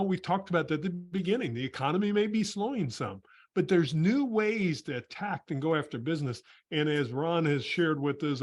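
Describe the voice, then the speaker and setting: A man hosting a business podcast, reflecting on and summarizing his guest's points. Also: on the high side. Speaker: podcast host. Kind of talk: casual interview.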